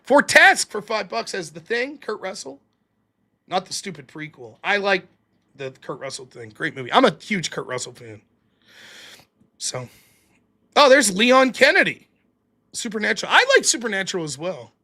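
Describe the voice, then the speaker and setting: A man's voice: sits high, moderate pace, long pauses. A man with a Pittsburgh accent, hosting a live stream and rambling casually with swearing. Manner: rambling, profane, lively. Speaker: livestream host.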